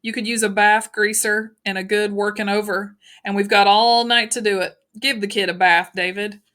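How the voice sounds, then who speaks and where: A woman voicing a drunk, taunting teenage rich-kid gang leader in a slow, unsteady delivery, in an audiobook reading. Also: medium pitch, little pitch movement, a bit bright, lightly acted. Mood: sneering.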